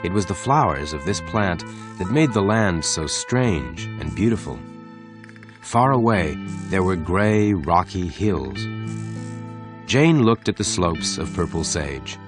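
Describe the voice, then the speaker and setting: Deep-voiced male story narrator. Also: animated, over music. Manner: slow, clear reading for learners.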